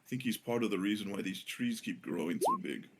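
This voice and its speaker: A man's voice: fairly low pitch, animated, fairly quick, very noisy, voice pushed down. A man voicing a friendly male companion who talks in a chatty, confiding way. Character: friendly male guide showing the sights.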